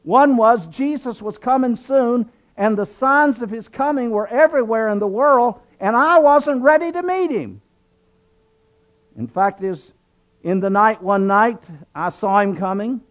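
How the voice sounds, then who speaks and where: At a measured pace, a high-pitched man from southwestern Virginia gives his testimony as a guest. He tells of his conversion in earnest, sermon-like fashion, repeating phrases to drive points home.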